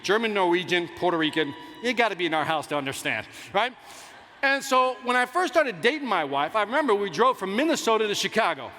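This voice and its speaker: Man, middle-aged keynote speaker, lively swooping delivery, loud outbursts, echo of a big hall. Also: sits high. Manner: animated storytelling, loud outbursts, plays to the crowd. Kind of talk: motivational stage speech. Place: large conference hall. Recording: long hall reverb, faint noise.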